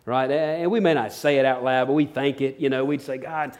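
A man's voice: medium pitch, fairly even intonation, a little fast, darkish tone. A man preaching a sermon, telling stories in a folksy, rambling way with fillers and restarts. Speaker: pastor.

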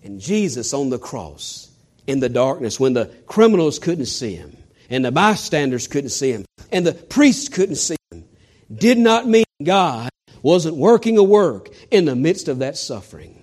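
A man preaching a sermon to his church, swinging from shouts down to hushed near-whispers and firing rhetorical questions at his listeners. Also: a little high, very animated, a little slow, husky. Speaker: pastor.

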